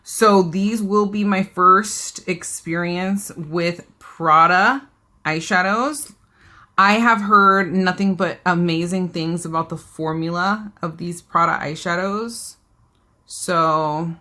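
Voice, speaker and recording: A woman's voice: lowish voice, pushed and bright. A woman, hosting a casual live beauty haul, chatting and reading viewer comments aloud. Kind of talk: casual live-stream chat.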